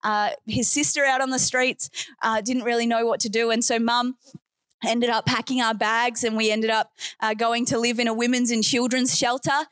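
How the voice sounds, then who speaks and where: A woman's voice: fairly high pitch, flat delivery, normal speed, fairly bright tone, dry recording. A woman from New Zealand with an Australian accent, a guest evangelist praying fervently and preaching to a church congregation, with frequent fillers and asides. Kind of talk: prayer and sermon to a congregation. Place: church service.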